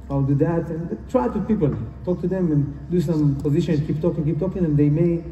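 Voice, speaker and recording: A man's voice: on the high side, a little fast, warm tone, lo-fi sound, a little hiss or hum. Earnest man speaking in a distant echoey hall. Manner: earnest, repetitive, non-native phrasing. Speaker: conference speaker. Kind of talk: motivational talk. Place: conference hall. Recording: roomy hall from far off.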